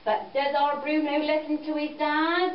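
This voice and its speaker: A woman with a high-pitched, flat voice tells a story to children at a farm venue at a moderate pace, coaxing and playful with lots of tag questions. The roomy space makes the recording echoey, distant, and dull, with background noise.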